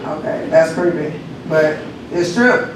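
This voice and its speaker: His voice sits on the high side and moves at a measured pace as he practices a stand-up routine. He tells crude, high-energy stories and laughs at his own jokes, heard through a far-off mic in a noisy, echoing room.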